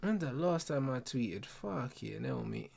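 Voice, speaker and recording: A man's voice: medium pitch, wildly swooping pitch, a little slow, gravelly, a little mellow. A young man hosting a football watch-along, ranting in casual slang and swearing freely. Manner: heated, slang-heavy, swearing, addresses viewers and mates.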